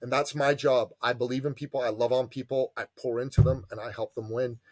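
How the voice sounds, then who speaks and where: Passionate man telling animated stories. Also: medium pitch, brisk, dry recording. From immigrant to Canada from a tyrannical country. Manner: passionate, emphatic, acts out quotes. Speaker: podcast guest, entrepreneur advisor. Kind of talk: animated storytelling interview.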